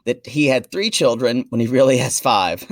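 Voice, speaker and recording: Catty male podcast co-host, animated delivery, dry close-mic sound. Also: medium pitch, no echo. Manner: chatty and catty, quick asides. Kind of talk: casual podcast chat.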